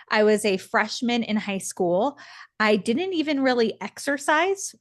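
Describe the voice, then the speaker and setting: A young adult woman hosting a podcast, telling a story in a casual, animated way and acting out the voices she quotes. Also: fairly high pitch. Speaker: podcast co-host.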